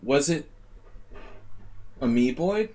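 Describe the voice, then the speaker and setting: A man's voice: on the high side, lively intonation, takes it slowly, darkish tone. A man streaming a chess simul, thinking aloud and muttering moves in casual commentary.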